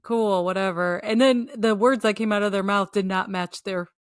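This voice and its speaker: A woman's voice: medium pitch, fairly even intonation, normal speed, no room sound, clean studio sound. Playful woman co-host from Chicago. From Chicago, United States. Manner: playful, giggly, teasing. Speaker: podcast co-host. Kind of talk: casual chat.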